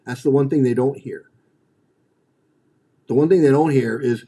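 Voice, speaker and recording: A man's voice: medium pitch, moderate pace, mellow, breathy edge. A middle-aged man hosting a livestream, ranting bluntly and profanely, often repeating and restarting his phrases. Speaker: livestream host.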